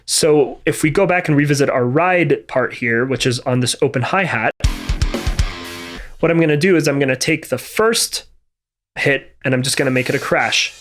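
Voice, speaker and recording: A man's voice: mid-range voice, moderate pace. A man teaching MIDI drum programming in a methodical, think-aloud way, with frequent fillers and restarts. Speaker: music production instructor. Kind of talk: screen-recorded tutorial. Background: drum and music playback between remarks.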